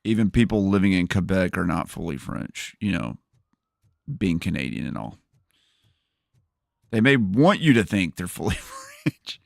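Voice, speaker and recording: Brief: joking male game streamer, low and lively, dry mic. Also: moderate pace, creaky, pauses often, dry recording. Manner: joking, rambling, laughs often. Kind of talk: casual live-stream chat.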